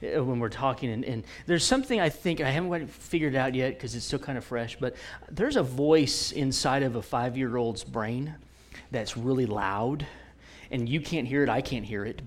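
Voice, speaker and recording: A man in his forties preaching in a conversational, animated way, telling stories with frequent restarts. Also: medium pitch. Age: 40s.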